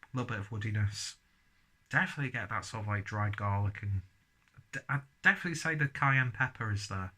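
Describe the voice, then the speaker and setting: A man with a husky, low-pitched voice reviews beer and food in a relaxed, chatty way. His tone is forceful and bright, and he often keeps talking between bites. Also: brisk. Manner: chatty, talks while chewing. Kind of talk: casual tasting review.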